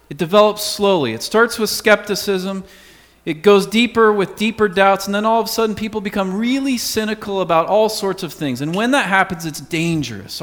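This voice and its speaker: A man preaching a sermon as pastor, earnest, dropping to a hush on key words. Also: high-pitched, in a large hall.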